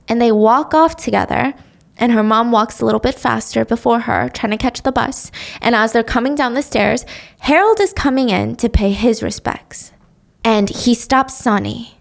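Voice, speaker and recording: Young woman host, casual recap, chatty and expressive, voice a bit high. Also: normal speed, vocal fry. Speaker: podcast host.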